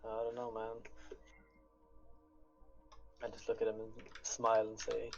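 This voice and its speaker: A man's voice: lowish voice, completely flat delivery, measured pace, gravelly, long pauses, over music. A man playing a tabletop game, teasing and pressing his point at the table. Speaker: player. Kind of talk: casual tabletop play.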